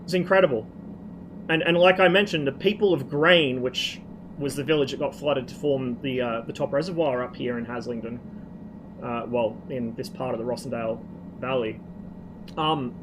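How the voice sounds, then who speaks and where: A man from Australia rambles through swear-laden stories during a relaxed stream chat, his voice sitting a touch high for a man. Steady background noise runs under the whole recording. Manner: rambling, profane storytelling. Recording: noisy background.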